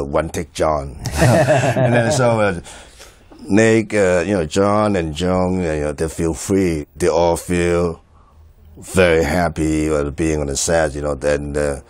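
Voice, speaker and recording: A man, a film director, giving a commentary and recalling a shoot, speaking haltingly with many fillers and restarts and frequent chuckles. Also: deep voice, darkish tone, dry recording.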